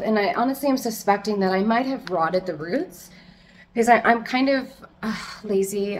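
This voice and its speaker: A woman's voice: medium pitch, slight background noise. Chatty woman touring her houseplants. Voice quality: loud, yelling from audio trouble. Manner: chatty, self-deprecating, rambling. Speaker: plant collector vlogger. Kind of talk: casual plant tour chat. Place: home, among houseplants.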